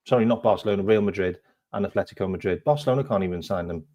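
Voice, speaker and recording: A man on a casual football panel, listing points in a flat, matter-of-fact way. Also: low-pitched, very fast.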